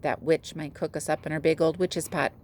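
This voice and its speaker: A woman's voice: deep voice, fairly even intonation, a little fast, darkish tone, a little hiss or hum, lightly acted. A woman reading aloud as a stubborn young boy who talks bluntly and insists on what he says. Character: boastful boy, scared and stubborn.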